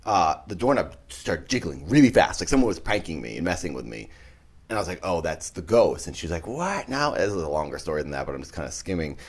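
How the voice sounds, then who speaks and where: A man's voice: deep voice, big pitch swings, fast talker. A man hosting a casual chat, telling rambling ghost stories with many restarts. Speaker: podcast host.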